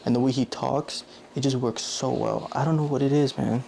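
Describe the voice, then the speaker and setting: A man's voice: medium pitch, fairly even intonation, normal speed, creaky, dark tone, a little hiss or hum. A young man vlogging in a loose, rambling way, correcting himself often and filling gaps with "like". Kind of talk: casual rambling monologue.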